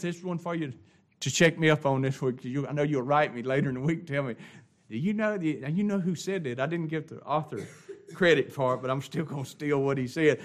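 Male pastor, fairly high voice, sermon delivery, big swings from loud to hushed. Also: a little fast. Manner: preaching with sweeping swings from loud exclamation to hushed near-whisper.

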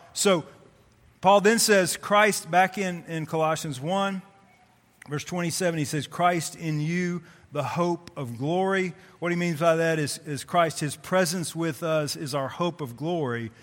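A man preaching a sermon to his congregation. He stresses key phrases by repeating them and reads scripture slowly. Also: a little high, fairly bright tone. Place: church sanctuary. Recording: long reverb of a church hall.

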